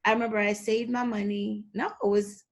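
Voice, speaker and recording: Animated woman telling a story. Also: brisk. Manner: animated, acts out quotes with big jumps in pitch. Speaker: guest, performer and fitness trainer. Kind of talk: storytelling in a casual interview.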